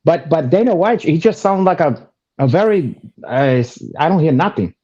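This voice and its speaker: A man's voice: on the high side, lively intonation, moderate pace, mellow, husky, lo-fi sound. A man co-hosting a casual podcast, joking bluntly and swearing a lot. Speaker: co-host.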